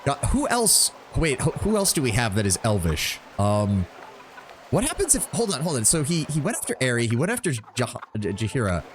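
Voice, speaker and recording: A man's voice: mid-range voice, fairly quick, slight background noise. Guy streaming a game, joking around, voice swings up and down a lot. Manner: chatty, animated, joking. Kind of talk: live gameplay commentary.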